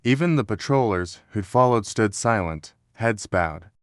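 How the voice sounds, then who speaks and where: A man narrates a historical story in a steady, measured voice that sits low for a man. The sound is dry and close, with no room around it. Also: dry recording. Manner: steady, measured storytelling with quoted dialogue read in the same voice.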